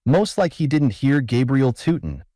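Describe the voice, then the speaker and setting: A man voicing rough male gold prospectors who talk in a testy folksy frontier dialect. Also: medium pitch, very animated, a little slow, mellow, no room sound, studio quality, voice pushed up.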